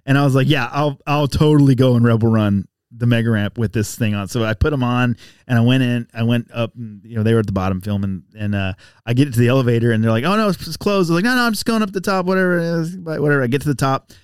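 A man's voice: medium pitch, quick pace, clear, resonant tone, no room sound, studio quality. A man guest on a podcast, telling a casual story and acting out the other people's voices. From Texas. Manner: animated, acts out voices in anecdotes. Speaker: podcast guest, bike rider.

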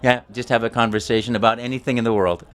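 A man, a voice actor, chatting casually in an interview as an animated storyteller. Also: medium pitch, quick pace, smooth.

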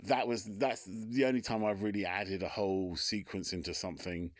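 A male author with a North London accent, chatting in an interview in a chatty, self-deprecating way with quick asides. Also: fairly low pitch, steady tone, no room sound, clean studio sound. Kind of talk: casual interview chat.

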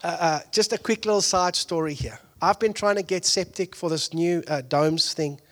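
Speaking at a moderate pace in a slightly high voice, a pastor preaches conversationally, swinging between quiet asides and loud, excited high points while voicing the people he quotes.

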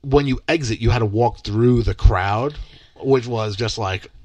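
A man's voice: medium pitch, measured pace, no room sound, lo-fi sound. A young man and podcast co-host, telling a story in casual chat and acting out the quoted dialogue with lots of energy. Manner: animated, acts out quoted dialogue.

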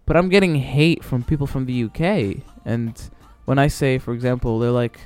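A man's voice: mid-range voice, normal speed, darkish tone, clear, resonant tone. A man hosting his own solo podcast, rambling casually and swearing, with many fillers and restarts. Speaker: podcast host. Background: faint background music.

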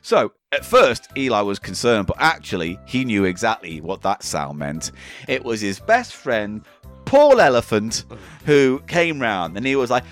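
A man's voice: medium pitch, sing-song, a little slow, soft background music. A man co-hosting a podcast, improvising a comic story in a playful, rambling, sweary way. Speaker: podcast co-host.

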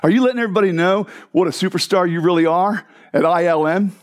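A pastor with a high voice preaches quickly to a crowd in a church hall, cracking jokes and asking his listeners questions.

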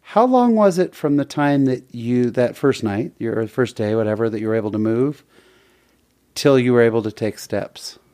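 Woman talk-show interviewer, extremely low voice, lively pitch, encouraging. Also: moderate pace. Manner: encouraging, brief reactive comments.

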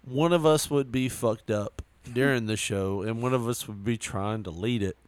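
A man's voice: mid-range voice, normal speed, slight background noise. A man co-hosting a podcast in casual chat, drunk, giggly and rambling, smoking a cigar at the mic. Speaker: podcast co-host.

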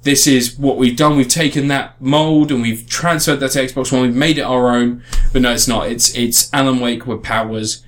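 Man, casual podcast chat, rambling, restarts, mid-pitched voice. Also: moderate pace, few pauses. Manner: rambling, restarts often, animated emphasis. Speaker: podcast host reviewing a game.

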